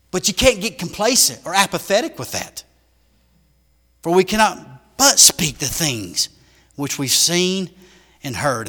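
A man preaching a sermon in a church, shifting from loud emphatic bursts to hushed lines. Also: high-pitched, in a large hall. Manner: emphatic preaching with big swings in volume.

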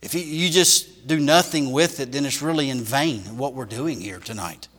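A man preaching a sermon in a church, shifting from loud emphatic bursts to hushed lines. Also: medium pitch, moderate pace, big-room sound. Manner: emphatic preaching with big swings in volume.

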